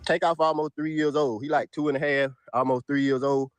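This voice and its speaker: A man, casually pitching his dogs for sale to viewers outdoors in his yard, peppering his talk with "y'all". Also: steady tone, brisk, clean tone, dry recording. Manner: drawls "y'all" constantly, Southern US dialect. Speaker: dog breeder selling dogs.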